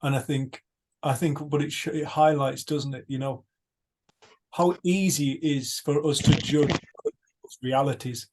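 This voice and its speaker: A man hosting a retreat over a video call, telling stories in an earnest, animated way. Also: fairly high pitch, moderate pace. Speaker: retreat host. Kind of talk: casual reflective talk.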